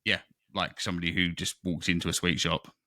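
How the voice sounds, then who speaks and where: A man co-hosting a podcast, telling stories in an excitable, rambling way. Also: sits low, brisk, dry recording, studio quality. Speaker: podcast co-host. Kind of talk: casual chat.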